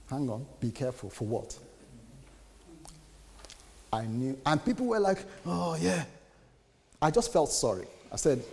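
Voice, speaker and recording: A man preaching a sermon as a pastor, animated, jumping to sudden high bursts and then dropping low and quiet. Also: measured pace, creaky, pauses often. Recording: long reverb of a hall.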